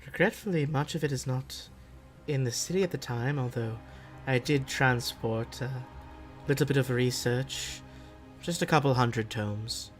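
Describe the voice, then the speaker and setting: A man voicing an elegant, ancient female archmage in a breathy, gracious voice. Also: medium pitch, faint music behind, natural voice. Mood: courteous. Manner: gracious, measured courtly speech.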